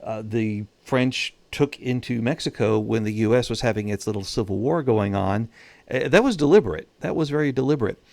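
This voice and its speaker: A man's voice: medium pitch, a little fast, creaky, a little mellow, no echo. A man hosting his own channel, giving casual, wry commentary while he plays a strategy game and thinks aloud about his moves. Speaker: gaming channel host.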